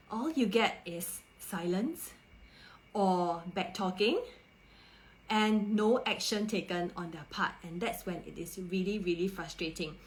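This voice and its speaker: A woman's voice: mid-range voice, poor audio. Woman coaching parents on a live stream. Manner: warm-toned rhetorical questions, coaxing and empathetic. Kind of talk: live stream talk to viewers.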